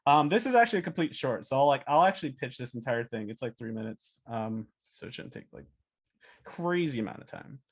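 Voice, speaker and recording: A man giving a casual talk as a storyboard artist, chatty and animated, acting out cartoon pitches. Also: brisk, breathy edge. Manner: animated, chatty, many fillers and laughs.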